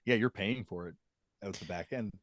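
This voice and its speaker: A man's voice: lowish voice, normal speed, slight background noise. A man co-hosting a podcast, telling stories in a laid-back casual way with lots of fillers. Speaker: podcast co-host. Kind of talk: casual chat.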